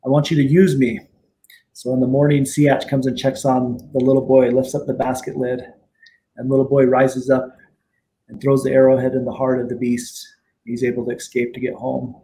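A middle-aged man being interviewed as a guest, telling stories in a relaxed, rambling way, with many fillers and restarts. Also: medium pitch, normal speed, slight background noise. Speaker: guest attorney and tribal judge. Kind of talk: casual interview storytelling.

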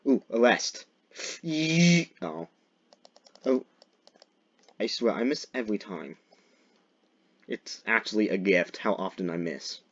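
A young man riffing over his gameplay in a joking, rambling way, now and then bursting into theatrical shouts. His voice sits at an ordinary pitch and moves at an unhurried pace. The sound is a little dull, as from a modest lo-fi mic. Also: breathy edge. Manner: jokey, swings into loud mock-dramatic shouts. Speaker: gaming video creator. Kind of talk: gameplay commentary.

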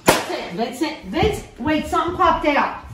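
A mother talking rapidly and with exasperation while trying to calm her son. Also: high voice. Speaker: mother in a home video. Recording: very echoey room, distant, noisy.

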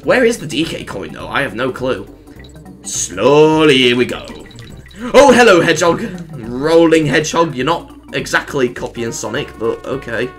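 A man commentating on his own gameplay in an excitable way, yelping and reeling off strings of "no". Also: mid-range voice, normal speed. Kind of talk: let's play commentary. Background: faint game music.

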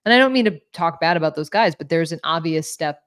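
A woman's voice: deep voice, lively intonation, fast, fairly bright tone. A woman co-hosting a sports talk show, chatting casually and a bit self-deprecating while reading viewer questions.

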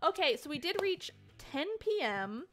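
A woman's voice: high-pitched, big pitch swings, unhurried, over music. A woman hosting a charity game stream in casual chat, giggly and chatty as she reads out donations.

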